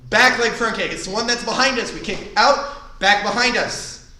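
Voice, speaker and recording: A high-voiced man coaching a karate class, his tone bright and forceful. He calls out moves with upbeat energy and shouts sharp kiai. He stands well back from the mic, in a roomy, echoing hall. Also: moderate pace, slight background noise. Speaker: karate instructor. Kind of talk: instructing a live online class. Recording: echoey room, voice far from the mic.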